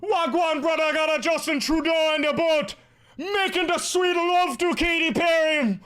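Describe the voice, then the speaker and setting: A man putting on an exaggerated patois voice as a rowdy, shouting guy. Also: extremely high pitch, fairly even intonation, moderate pace, voice pushed up. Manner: shouty, over-the-top. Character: loud exaggerated island-patois dude.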